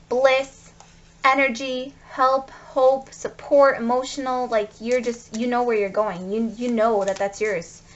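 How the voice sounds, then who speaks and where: A woman with a fairly high voice gives a tarot reading to her viewers. She gushes over each card and talks to them directly. The sound is a little dull and lo-fi. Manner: effusive, gushing, talks straight to viewers. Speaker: tarot reader.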